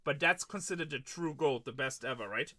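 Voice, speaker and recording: A man's voice: mid-range voice, a little fast, sharp tone. A man hosting a live card-break stream, chatting casually and retelling stories of his conversations with customers.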